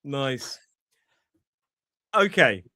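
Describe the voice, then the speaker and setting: A man with a British English accent, chatting as a podcast co-host and English teacher in an animated way, exclaiming and laughing. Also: mid-range voice, very slow, dry recording, clean studio sound. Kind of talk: casual chat.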